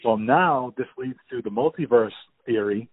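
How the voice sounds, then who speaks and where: A man's voice: mid-range voice, moderate pace, slightly rough, no echo. A man in casual talk about a movie, enthusiastic and rambling, with many fillers and restarts. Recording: tinny phone-like audio.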